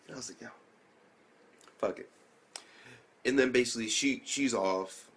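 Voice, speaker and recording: A man's voice: mid-range voice, normal speed, a bit bright, slightly rough. A young man casually recapping an anime episode, rambling with slang, swearing and many fillers. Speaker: anime reviewer.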